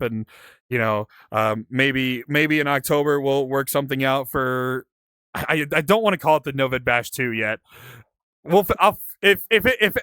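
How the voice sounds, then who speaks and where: A man's voice: medium pitch, a bit bright, smooth, no echo, clean studio sound. A young man hosting a podcast in casual, laid-back chat, often stumbling over his words. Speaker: podcast host.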